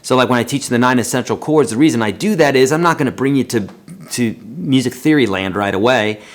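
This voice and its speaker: A man's voice: mid-range voice, brisk. A man teaching a live-streamed guitar lesson, counting beats aloud in a chatty, encouraging way.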